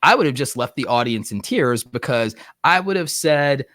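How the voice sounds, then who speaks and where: A man's voice: medium pitch, normal speed, no echo. Man, stream host, casual rambling chat, lots of "like", dry sound. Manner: excited, rambling, heavy use of "like". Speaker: host of a live show. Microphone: online streaming setup.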